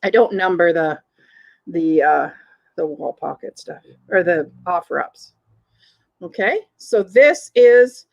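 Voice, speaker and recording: A woman's voice: on the high side, low-quality recording. A woman with a Southern American accent hosting a live online vintage sale in a chatty way, reading viewer comments aloud between descriptions of items. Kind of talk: live-stream sales chat.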